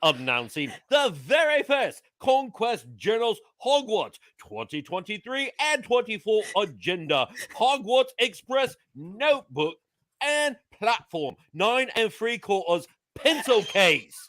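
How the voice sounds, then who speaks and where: A man's voice: high voice, wildly swooping pitch, slow pace, vocal fry, bright, forceful tone, dry recording, clean studio sound, heavily acted. A male producer voicing a put-on British accent while reading a sponsor ad in a theatrical manner. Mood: hammy. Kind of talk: sponsor ad read.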